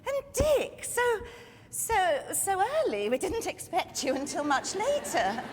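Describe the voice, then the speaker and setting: A woman's voice: very high voice, wildly swooping pitch, a little slow, noisy background, full character voice. An actress playing a sweet, fussing motherly aunt in a stage musical, genteel British accent. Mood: doting. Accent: British English. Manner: gushing, genteel. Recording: live theatre sound with hall reverb.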